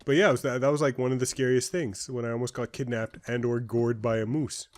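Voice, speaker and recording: A man's voice: medium pitch, steady tone, fast talker, darkish tone, a little hiss or hum. A young man co-hosting a casual game playthrough, chatty and rambling as he tells stories. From Canada. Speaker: gaming co-host. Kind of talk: casual gameplay chat.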